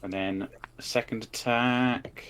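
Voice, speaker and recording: A man's voice: medium pitch, steady tone, slow pace, fairly bright tone, a little hiss or hum. A man playing a tabletop game, thinking aloud and muttering as he rolls dice. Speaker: player.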